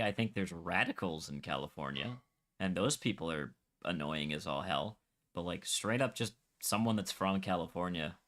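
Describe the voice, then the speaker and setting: Animated Scottish man, bright edgy voice. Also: sits low. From Scotland. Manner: animated, argumentative, swears freely. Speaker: Minecraft server streamer. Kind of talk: casual gaming chat.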